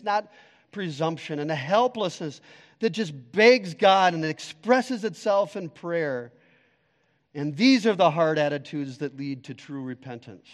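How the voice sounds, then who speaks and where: A man preaching a sermon as pastor, emphatic, swinging between loud declarations and hushed, quiet stretches. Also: high-pitched, in a large hall.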